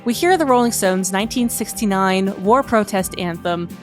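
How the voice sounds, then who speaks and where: A woman's voice: medium pitch, moderate pace, faint music behind. A woman co-hosting a film podcast in casual chat, playful and laughing often. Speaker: podcast co-host.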